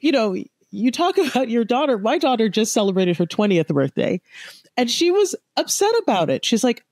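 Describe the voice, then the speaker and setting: A woman's voice: on the high side, very animated, moderate pace, darkish tone, no room sound, studio quality. A woman in her fifties, a guest author in a conversational interview, who talks animatedly and acts out quoted dialogue. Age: 50s.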